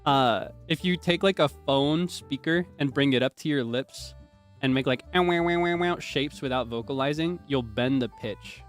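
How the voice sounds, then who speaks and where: A man's voice: medium pitch, moderate pace, faint music behind. A young man streaming, chatting casually and explaining things in a rambling way with lots of restarts.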